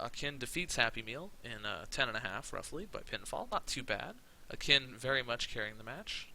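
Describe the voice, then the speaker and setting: A man's voice: mid-range voice, bright, forceful tone, a little hiss or hum, low-quality recording. A man giving rambling, sarcastic commentary on his wrestling management game, swearing casually. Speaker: let's play commentator.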